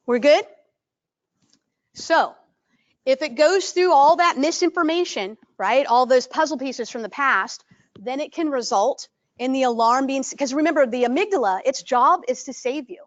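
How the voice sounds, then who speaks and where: Woman trainer, high voice, animated, frequent check-in questions, dull lo-fi sound. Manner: animated, acts out greetings in a bright voice. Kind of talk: live workshop presentation.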